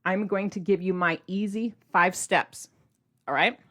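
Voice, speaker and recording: A middle-aged woman hosting a podcast, talking to her listeners in an energetic, animated, casual way. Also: mid-range voice, unhurried. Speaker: podcast host. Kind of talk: casual motivational podcast monologue.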